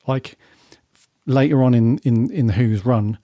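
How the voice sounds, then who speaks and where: A man from Britain hosting a podcast, leading a casual chat in a relaxed way. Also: mid-range voice, a little slow, no echo. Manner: relaxed, leads the discussion. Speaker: podcast host.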